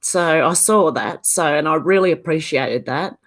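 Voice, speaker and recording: A woman's voice: low-pitched, unhurried. A woman with an Australian accent and a smoker's cough, hosting a casual livestream chat from home, laughing often and greeting viewers by name. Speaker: channel host. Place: indoors at home, beside a filing cabinet.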